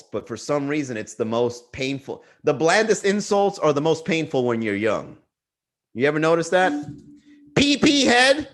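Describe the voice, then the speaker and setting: A young man hosting a comedy livestream, riffing casually to the chat, swearing and laughing at his own jokes. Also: on the high side. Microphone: webcam livestream.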